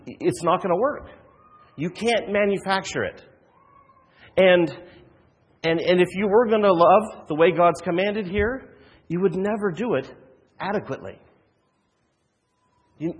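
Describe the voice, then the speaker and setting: A man's voice: fairly high pitch, breathy edge, long reverb tail. A man preaching a sermon as a pastor, earnest, with frequent restarts and rhetorical questions.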